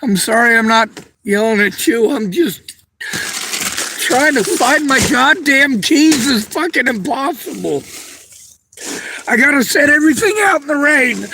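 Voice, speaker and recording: A man with a very high, sharp-edged voice vents to the camera. He sounds distressed and close to tears, and he swears freely. Faint noise sits behind him. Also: animated, measured pace, pauses often, poor audio. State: upset, near tears. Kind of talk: venting to camera.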